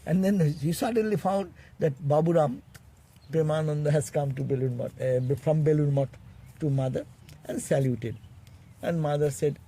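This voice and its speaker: A monk teaching a spiritual class, telling stories in a halting way and chuckling often. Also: male voice, fairly high pitch, warm tone. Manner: halting, restarts phrases. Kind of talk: storytelling sermon.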